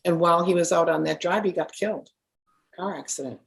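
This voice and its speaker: Earnest, lower-voiced woman telling her story. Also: a little fast, gravelly. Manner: earnest, animated storytelling with frequent restarts. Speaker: spiritual healer. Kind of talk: personal storytelling.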